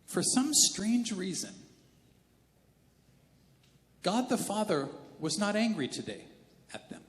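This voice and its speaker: A male pastor preaching a sermon in a casual, animated, conversational way. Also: high-pitched, takes it slowly. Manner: conversational and animated, slips into character voices. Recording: reverberant church hall with faint music.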